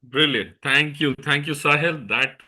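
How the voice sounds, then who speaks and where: A man hosting an event session, thanking the speaker and pausing often with fillers. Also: on the high side, sharp tone. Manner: hesitant, with many fillers. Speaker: event host and moderator.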